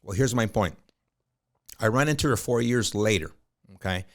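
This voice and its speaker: Lively storytelling man in his fifties. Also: lowish voice, moderate pace. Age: 50s. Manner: lively anecdotal storyteller, colloquial, with frequent fillers. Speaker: podcast guest, realtor. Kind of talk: storytelling in a podcast interview.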